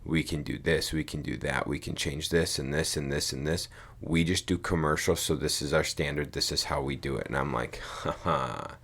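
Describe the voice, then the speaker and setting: A man's voice: very deep voice, steady tone, brisk, few pauses, fairly bright tone, husky. A man co-hosting a podcast, telling a rambling story in casual chat, swearing casually and saying "dude" and "like" a lot. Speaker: podcast co-host.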